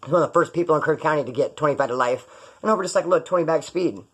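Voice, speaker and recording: A man's voice: fairly high pitch, very fast, slightly rough, poor audio. A man telling stories casually on his own video channel, rambling and full of prison slang. He grew up in California. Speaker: vlogger. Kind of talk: casual storytelling vlog.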